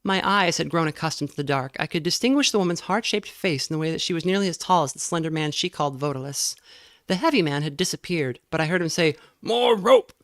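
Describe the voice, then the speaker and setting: A woman reading a novel aloud in a measured way, now and then stumbling and correcting herself. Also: low-pitched, fairly bright tone, dry recording, studio quality. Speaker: reader.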